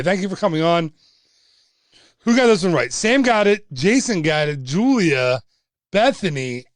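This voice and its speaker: Young man, trivia livestream host, chatty and jokey, slightly high voice, dry close sound. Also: dry recording. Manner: chatty, reads out viewer answers, jokey asides.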